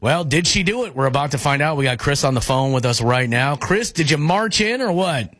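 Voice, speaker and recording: A male radio host with a notably high, light voice, talking in a teasing, chatty way and chuckling easily. The sound is very dry and close to the studio mic, with no room around it. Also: expressive, fairly quick, a bit bright, no room sound. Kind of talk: casual morning radio chat. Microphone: studio microphone.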